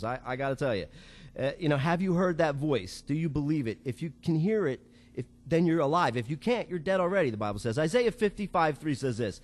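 A man preaching a sermon, reading scripture aloud and talking directly and emphatically to his listeners. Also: high-pitched.

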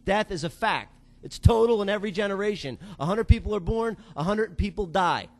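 A man's voice: sits high, expressive, fairly quick. A man preaching a sermon, reading scripture aloud and talking directly and emphatically to his listeners.

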